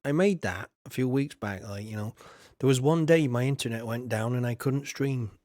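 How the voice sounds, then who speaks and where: A man rambling through casual live-stream commentary on a game, chatty and often clearing his throat. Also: medium pitch, normal speed, darkish tone, dry recording, studio quality.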